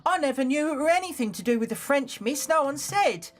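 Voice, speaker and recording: Scrappy young maid girl with a shaky Northern accent, done by a player, lively pitch, faint music. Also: fairly quick. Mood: homely. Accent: put-on Northern English. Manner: homely, plain-spoken. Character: cheerful poor scullery maid girl.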